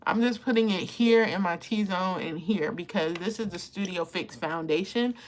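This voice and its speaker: A woman of about fifty hosts a casual beauty livestream, chatting warmly with her viewers while doing her makeup. She laughs often and becomes emotional along the way. Her voice is on the low side, at a moderate pace.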